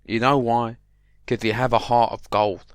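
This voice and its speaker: A man hosts a comedy podcast in a rambling, mock-serious monologue. He keeps stopping and restarting and speaks straight to the listener with put-on paranoia. His voice is smooth and sounds dry and close. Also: medium pitch, flat delivery, normal speed, no room sound. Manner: addresses the listener directly.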